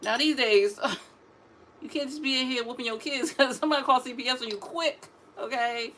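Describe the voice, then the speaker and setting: A woman, telling parenting stories in a sassy, animated way, like a casual talk to camera. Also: high voice, normal speed, a little hiss or hum. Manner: sassy, animated storytelling, drawling asides. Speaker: mother vlogging about parenting.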